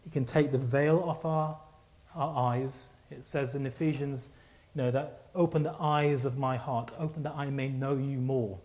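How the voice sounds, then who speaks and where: A man's voice: medium pitch, fairly even intonation, normal speed, darkish tone. A man preaching a sermon, telling a personal story with many restarts and repeats.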